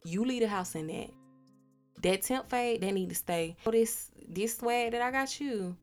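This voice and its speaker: A woman's voice: on the high side, a little slow, soft background music. A young woman hosting a podcast, candidly retelling a personal story with profanity and acted-out dialogue. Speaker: podcast host.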